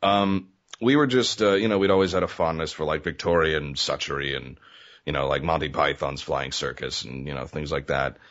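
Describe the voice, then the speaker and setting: A man with a very deep voice talks as a guest in a relaxed interview chat. He rambles, full of "um" and "you know", and laughs easily. The sound is muffled and lo-fi. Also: moderate pace. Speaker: guest, web comedy creator.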